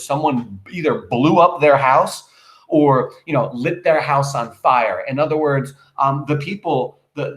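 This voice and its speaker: A male teacher reading a play aloud and breaking it down for students, emphatic and animated, full of rhetorical questions. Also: mid-range voice, echoey room, rough recording.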